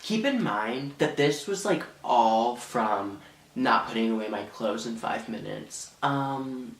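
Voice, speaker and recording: A man's voice: medium pitch, expressive, slow pace, a little hiss or hum. A teenage boy telling a dramatic storytime in a rambling way, full of fillers. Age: teens. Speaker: vlogger. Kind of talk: storytime vlog. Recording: echoey room.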